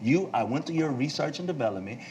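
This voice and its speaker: A man's voice: on the high side, animated, quick pace, a little mellow, muffled recording, slight background noise. A man in his forties on a talk show, telling a long story and acting out the dialogue. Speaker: actor and entrepreneur.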